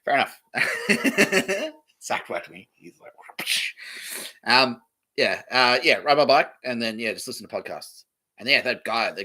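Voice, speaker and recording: A man's voice: on the low side, bright, forceful tone, poor audio. An Australian man hosting a podcast, rambling casually and swearing freely. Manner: swears freely, loose and laughing. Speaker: podcast host.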